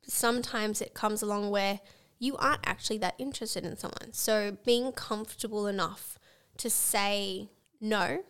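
A woman's voice: medium pitch, steady tone, normal speed, a bit bright, clear, resonant tone. A woman co-hosting a casual podcast chat, speaking frankly and swearing casually. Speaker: co-host.

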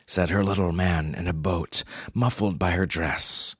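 A man reads a story in a deadpan, unhurried way. His voice is very low and husky, recorded dry. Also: no echo. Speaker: narrator. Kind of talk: scripted story narration.

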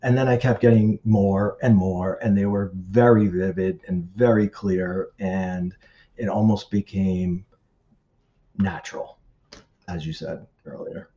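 A man casually telling a personal story as a guest, animated and acting out the voices of people he quotes. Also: a little slow, dull audio. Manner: animated, acts out quoted voices with pitch shifts.

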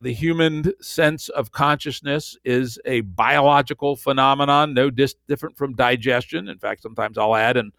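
A man's voice: mid-range voice, normal speed, gravelly, few pauses, a bit bright, no echo. An older man hosting a podcast, arguing his views in a blunt, wry, conversational way. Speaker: podcast host. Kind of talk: casual conversational interview.

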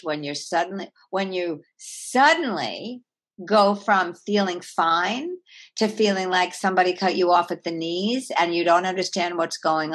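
An earnest woman author speaking as a guest in an interview. Her voice sits a little low and swings widely in pitch and loudness as she explains. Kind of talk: conversational interview.

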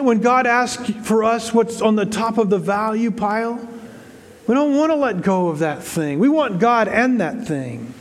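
A pastor with a high, light voice preaches in an easy, talky way to his congregation. He repeats himself, restarts phrases and slips into voices for the people he quotes. The sound carries a long reverb from the church sanctuary. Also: lively intonation, moderate pace, slight background noise. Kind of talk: sermon. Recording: reverberant hall.

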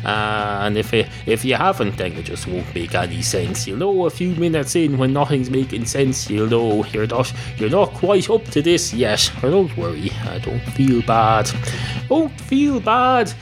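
Rambling Irish podcast host. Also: male voice, mid-range voice, normal speed, hardly any pauses, over music. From Ireland. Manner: deadpan, digressive, many fillers. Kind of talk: rambling solo comedy monologue.

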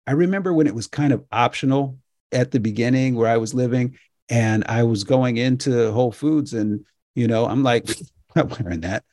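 A man's voice: mid-range voice, normal speed, a little mellow, dry recording, studio quality. A middle-aged man hosting a radio show, talking casually and with indignation, often tossing in "right?". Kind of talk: casual monologue.

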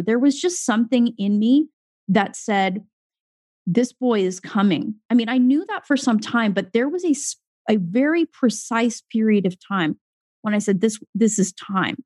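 A woman's voice: mid-range voice, darkish tone, dry recording, clean studio sound. A woman speaking in a casual conversation as an author guest, earnest and emphatic, swearing now and then.

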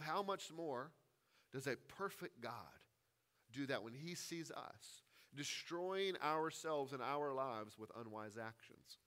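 Emphatic high-voiced male preacher. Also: fairly bright tone. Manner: emphatic, repeats key phrases for stress. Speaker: pastor. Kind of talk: sermon.

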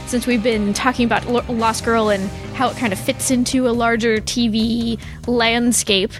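A woman's voice: on the high side, fairly bright tone. Chatty woman podcast host. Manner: chatty, laughs easily. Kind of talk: casual podcast chat.

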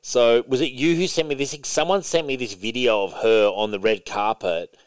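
A man in casual chat on a podcast, relaxed and quick with short agreements. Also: medium pitch, clean tone, no echo.

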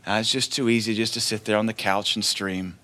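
A man's voice: lowish voice, fairly even intonation, fairly quick, sharp tone. Man preaching a sermon, conversational. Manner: conversational preaching with acted quotes. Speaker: pastor.

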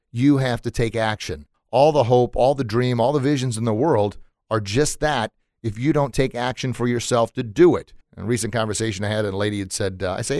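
An earnest male host gives a motivational podcast monologue at a mid pitch. He is energetic and circles back to his points again and again. His voice sounds close and dry, with no room echo. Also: brisk.

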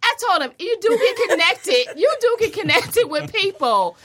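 A woman in a casual group chat, reacting quickly and emphatically. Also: very high voice, sing-song, fairly bright tone.

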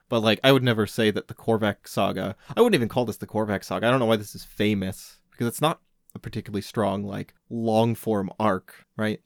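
A man's voice: lowish voice, no echo, clean studio sound. A man co-hosting a casual comic-book podcast, rambling with many fillers and restarts. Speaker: podcast co-host. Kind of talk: casual chat.

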